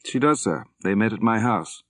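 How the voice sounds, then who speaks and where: A polite young naval officer, crisp and dutiful, as a male narrator voices him close to his own low voice. The audiobook sound is dry and close. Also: expressive, normal speed, no room sound.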